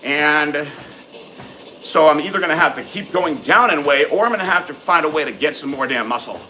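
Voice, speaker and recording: Frank, bright-voiced man answering questions. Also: fairly high pitch, a little hiss or hum, rough recording. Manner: frank, matter-of-fact advice with many fillers. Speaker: host answering viewer questions. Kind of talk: casual live Q and A.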